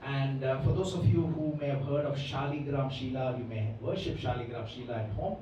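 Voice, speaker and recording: A Bhagavatam lecturer speaks briskly in a warm, medium-pitched voice, unpacking devotional scripture at length and often checking in with "right?". The recording, made far from the mic in an echoey hall, has its highs cut off and slight background noise.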